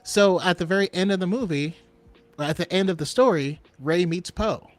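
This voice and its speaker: A man with a fairly high voice hosts a casual fan discussion show. He explains in long, rambling stretches, restarting sentences and chuckling as he goes. The sound is dry and close, with no room echo. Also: normal speed. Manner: rambling, chuckling between points. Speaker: podcast host.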